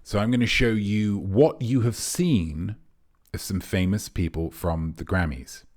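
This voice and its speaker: A man's voice: fairly low pitch, measured pace, a little mellow. A man hosting a comedy quiz livestream in a self-important artiste persona, rambling theatrically and talking to the chat. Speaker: quiz host.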